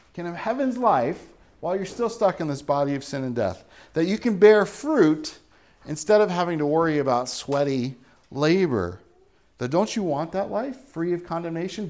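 Earnest male pastor preaching. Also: a little high. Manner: earnest, rising to emphatic then hushed in prayer. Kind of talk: sermon and closing prayer.

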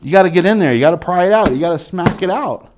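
Young guy preaching, animated, does little voices for people he quotes, slows way down to make a point. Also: sits high, background noise. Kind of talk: sermon.

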